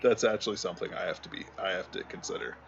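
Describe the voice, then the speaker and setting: A man's voice: low voice, fast talker, vocal fry. Guy cohosting a stream, rambly and distracted, muffled lo-fi mic, faint hiss. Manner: rambling, distracted while searching for memes. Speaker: livestream co-host. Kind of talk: casual chat.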